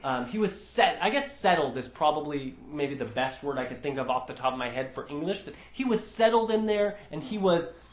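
Man leading a Bible study, slightly high voice, earnest and emphatic, roomy echo. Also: lively intonation, brisk, hardly any pauses. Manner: earnest, emphatic, with frequent restarts.

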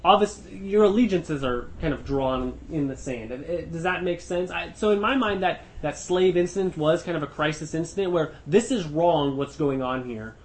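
Higher-voiced man leading a Bible study. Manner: thoughtful, restarts often, stresses words slowly. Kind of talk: teaching discussion.

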